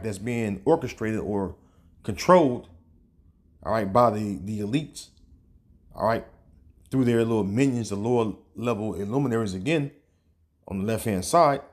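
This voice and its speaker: A man giving informal religious teaching, talking loosely with many fillers and reading passages aloud as he searches for them. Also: fairly low pitch. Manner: casual, peppered with "man" and "all right"; reads scripture and news aloud, pausing to search. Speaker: online preacher.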